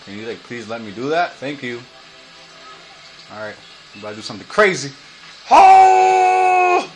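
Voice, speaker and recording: A young man commentating his own video game match, recorded on a phone, excitable and quick to yell, laugh and curse. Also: mid-range voice, music in the background.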